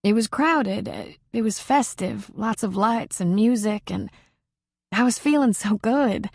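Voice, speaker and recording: A woman voicing a grieving young widow who is crying, her voice shaky and high. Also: unhurried, darkish tone, breathy edge, dry recording, studio quality. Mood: tearful. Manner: sniffling, shaky, high and breaking.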